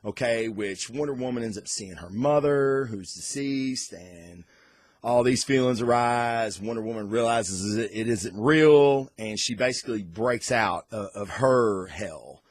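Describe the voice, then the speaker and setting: A man hosting a casual comic book unboxing and review vlog, talking in an excitable, loose way and cursing freely. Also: medium pitch, a little slow, dry recording, clean studio sound.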